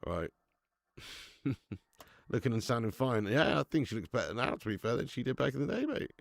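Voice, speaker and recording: A man's voice: medium pitch, sing-song, brisk, vocal fry, no room sound. A man hosting a live football watch-along stream, chatting laddishly with viewers and laughing often. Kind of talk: live stream chat and match commentary.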